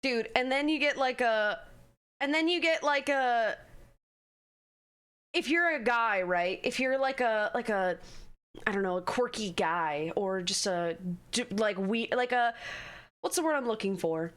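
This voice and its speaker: A woman's voice: on the high side, measured pace, pauses often, fairly bright tone, clear, resonant tone. A young woman streamer reacting live, ranting bluntly and profanely with exasperation. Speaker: streamer reacting to a game show. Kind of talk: livestream reaction rant.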